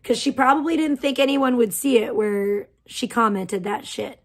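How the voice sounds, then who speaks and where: Livestream host, woman, angry swearing rant, higher voice. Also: moderate pace. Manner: profane, heated, venting.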